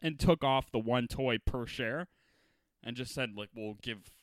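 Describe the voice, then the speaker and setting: A man's voice: mid-range voice, measured pace, no room sound. A man co-hosting a casual podcast, ranting with lots of swearing and filler words. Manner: ranting, heavy swearing, frequent "like". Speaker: podcast co-host. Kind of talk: casual chat.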